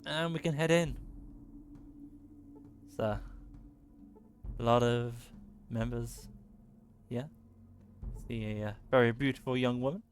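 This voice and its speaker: A man narrating a role-playing game playthrough, reading text aloud and pausing often with fillers. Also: medium pitch, faint music behind. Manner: halting, many fillers, reads text aloud. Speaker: let's play host.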